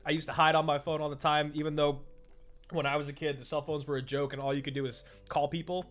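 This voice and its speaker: A man's voice: on the high side, level tone, quick pace, a bit bright. Chatty man streaming esports. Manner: chatty, answers chat, jokes about himself. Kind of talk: casual live-stream chat.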